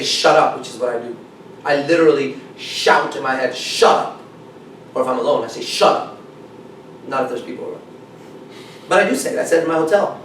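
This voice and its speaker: A man coaching a small group, talking bluntly and with heavy swearing. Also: a little high. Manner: blunt, profane, emphatic. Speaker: dating coach. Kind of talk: seminar talk to a small group. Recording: echoey room, mic far off, faint noise.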